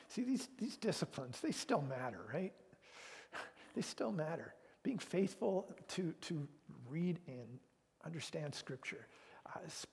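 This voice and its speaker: A man, a pastor, giving a sermon in an earnest, conversational way, at times dropping into hushed tones, and moving into prayer. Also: fairly high pitch, creaky. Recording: long reverb.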